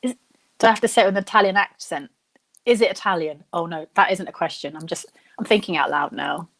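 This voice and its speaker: A young woman hosting a live online quiz, chatting and thinking out loud, reading each question slowly and then repeating it. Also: fairly low pitch. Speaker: quiz host.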